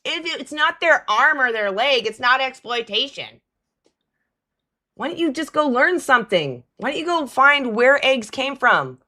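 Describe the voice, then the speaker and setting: Brief: woman host, bright forceful tone, blunt and exasperated with callers. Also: sits high, very animated, unhurried. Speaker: livestream host taking callers. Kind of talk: live call-in debate stream.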